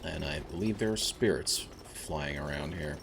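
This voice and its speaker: A man's voice: a bass voice, normal speed, vocal fry, noisy background. A man doing rambling, casual commentary on his game stream, chuckling often. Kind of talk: casual let's-play commentary.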